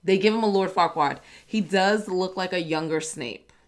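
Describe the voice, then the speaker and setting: A woman's voice: on the low side, normal speed. A young adult woman co-hosting a podcast, chatting casually in a dry, matter-of-fact way. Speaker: podcast co-host. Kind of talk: casual chat.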